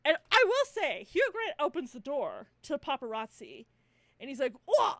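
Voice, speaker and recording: A woman's voice: high-pitched, wildly swooping pitch, moderate pace, fairly bright tone, dry recording. A young woman co-hosting a casual chat, retelling a movie plot, laughing often, swearing freely and acting out the characters' lines. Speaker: podcast co-host.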